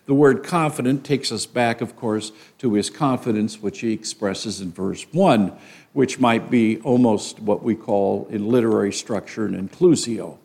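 A man's voice: fairly low pitch, moderate pace, gravelly, a little mellow. An older man teaching a Bible lesson as a sermon, speaking conversationally with frequent fillers and restarts.

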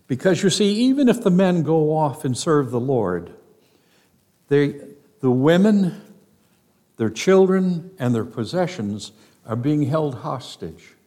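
Slow, emphatic male Bible teacher. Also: mid-range voice, a little mellow. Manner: emphatic, slow and deliberate, stressing key words. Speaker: pastor.

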